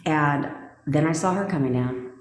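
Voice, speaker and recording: In a deep voice at a moderate pace, a brash, profane woman recounts a personal story on a casual livestream, laughing along the way. She works as a manifestation coach, a crowd can be heard behind her, and the room echoes with a long reverb.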